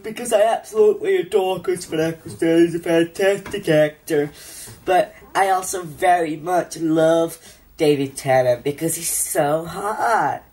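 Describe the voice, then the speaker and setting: A young man voicing a chatty, gushing actress in a falsetto in a homemade comedy skit. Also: darkish tone.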